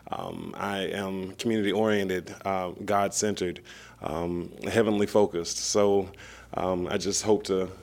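A man from Dallas, a seminary student on a podcast, speaking in a low voice. He chooses his words carefully and keeps a measured pace, with the odd "um". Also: darkish tone. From Dallas, Texas. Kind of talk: casual podcast talk.

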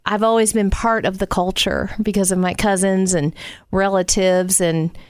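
A woman's voice: medium pitch, little pitch movement, normal speed, darkish tone, clean tone, dry recording, clean studio sound. A middle-aged woman from the Midwest with a mild Southern accent, chatting casually as a guest and telling stories with little asides. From Northwest Indiana. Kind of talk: casual conversation.

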